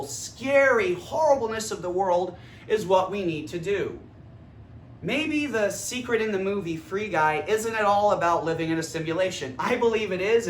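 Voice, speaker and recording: A man with a high voice gives a rambling, energetic monologue, swearing freely as he goes. He records on his phone in a room. The room echoes, and faint noise sits underneath. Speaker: vlogger. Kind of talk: casual philosophical monologue. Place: indoor room.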